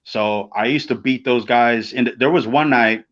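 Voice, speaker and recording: A man's voice: medium pitch, a little slow. Middle-aged guy on a podcast, swears a lot, tells road stories and does everyone's voices, muffled lo-fi sound. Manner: profane, animated storyteller who acts out quoted voices. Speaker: podcast co-host, former pro wrestler. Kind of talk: casual storytelling chat. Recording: dull lo-fi podcast audio.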